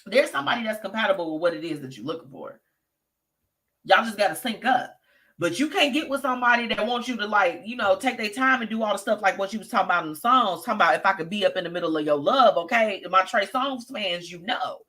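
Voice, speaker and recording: Sassy bright-voiced woman host. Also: mid-range voice, animated, quick pace. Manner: sassy, chatty, talks straight to listeners. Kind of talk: live show gossip commentary.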